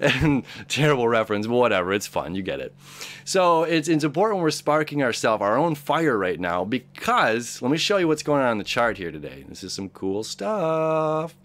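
Male host, young adult, mid-pitched, casual rambling astrology chat with many fillers. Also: very animated, moderate pace, fairly bright tone. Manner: rambling, upbeat, many fillers and acted-out inner voices. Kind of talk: casual spoken astrology reading.

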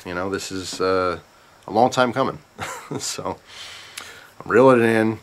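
Low-voiced man telling a rambling story. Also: unhurried. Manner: rambling, animated retelling with asides. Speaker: vlogger. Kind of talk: casual storytime.

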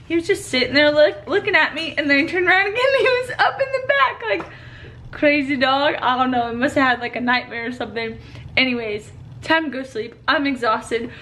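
A young woman chatting to camera for her travel vlog, bubbly and quick to laugh, filming from a car. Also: high-pitched, sharp tone, a little hiss or hum. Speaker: vlogger. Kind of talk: casual travel vlog chat. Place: in a car and outdoors at night.

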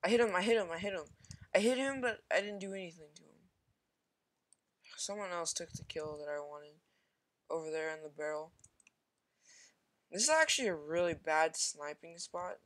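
This is a gamer narrating their own shooter match in a loose, rambling way, thinking aloud and poking fun at their own mistakes. The voice sits at an ordinary middle pitch, with repeated quick exclamations and plenty of ums and likes. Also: lively intonation, fairly bright tone. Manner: frequent fillers and repeated exclamations. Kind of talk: casual gameplay commentary.

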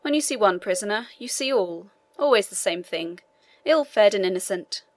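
A man's voice: high voice, expressive, moderate pace. A woman voicing a weary, condescending prison inspector. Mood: weary, dismissive. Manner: tired, faintly condescending.

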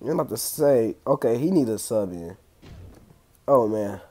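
A young man casually commentating his own wrestling video game play, excitable and slangy, trash-talking the opponents, with a clogged throat. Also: mid-range voice, normal speed. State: congested throat. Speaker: gaming channel host.

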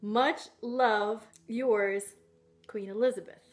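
A woman voicing an aging queen with a prim, slow and stately delivery. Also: on the high side, fairly even intonation, voice pushed down.

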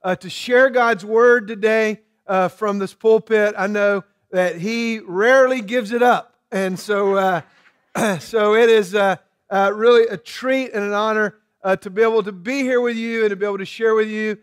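A man with a thick Southern Georgia accent preaches as a guest in a folksy, halting style full of fillers. His voice sits unusually high. The sound is dry and close. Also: steady tone, clear, resonant tone, dry recording. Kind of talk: sermon.

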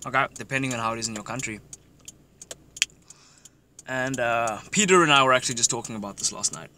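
A man's voice: mid-range voice, a little fast, bright, forceful tone. A young man giving loose, profane social advice in casual chat while driving, laughing often. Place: in a car, driving outdoors. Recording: noisy car interior. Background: car and street noise.

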